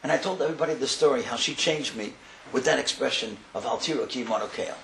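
A man giving a sermon as a storyteller, impassioned and building to loud emphatic bursts, sprinkling Hebrew and Yiddish words into his English. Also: mid-range voice, fast talker, creaky. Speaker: rabbi speaker. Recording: echoey room with faint ambient noise.

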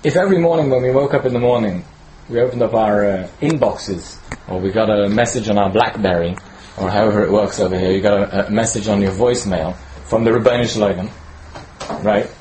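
A man's voice: fairly low pitch, fairly quick, darkish tone, poor audio. Conversational man preaching, asking "right?". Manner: conversational, peppered with "right?" tag questions; repeats and restarts words while searching. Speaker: teacher giving a Torah talk. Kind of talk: informal sermon.

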